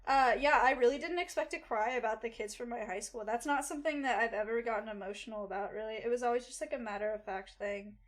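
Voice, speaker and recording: A woman's voice: on the high side, quick pace, few pauses. A young woman streaming live, chatting casually and slangily as she rattles off thanks to viewers. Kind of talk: casual livestream chat.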